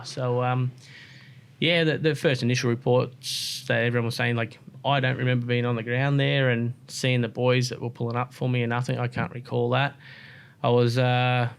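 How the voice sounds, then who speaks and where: An Australian man chats as a podcast guest, spinning long stories in a loose, rambling way. He leans on "like" and "um" as he goes, at an ordinary middle pitch. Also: vocal fry, a little hiss or hum. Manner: relaxed, rambling, many "like" and "um" fillers. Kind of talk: casual interview storytelling.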